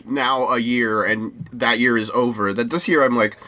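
A man co-hosts a loose chat show, joking and rambling with lots of fillers. His voice is bright and forward, at an ordinary pitch. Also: fairly even intonation, normal speed. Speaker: podcast co-host. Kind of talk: casual chat.

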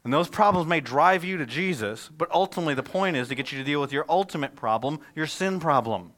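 Animated storytelling male pastor. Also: a little high, fast talker. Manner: conversational, animated storytelling with rhetorical questions. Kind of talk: sermon.

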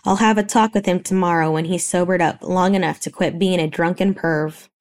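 A woman voicing a gruff middle-aged male police chief who talks firmly and curtly. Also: on the low side, steady tone, brisk, a little mellow, natural voice. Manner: firm, clipped and stern.

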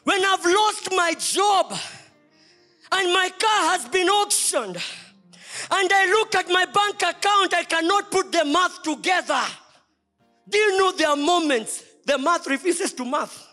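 Male pastor, very high and bright voice, preaching with sudden shouts and hushed drops, music under the sermon. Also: measured pace. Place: church.

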